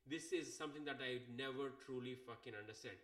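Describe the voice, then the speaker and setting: A man hosts his show and rants about a flight story, swearing freely and sounding exasperated. His voice sits at an ordinary middle pitch, and he keeps the tone loose and conversational. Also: quick pace. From India. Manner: exasperated, profane, animated. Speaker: podcast host. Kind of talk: casual storytelling rant.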